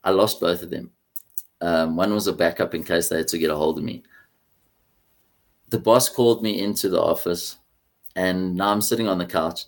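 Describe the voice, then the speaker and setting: A man recounting a personal story as an interview guest. His voice sits fairly low, and he tells it with animated, casual energy, peppering his talk with "mate" and swearing. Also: moderate pace, pauses often.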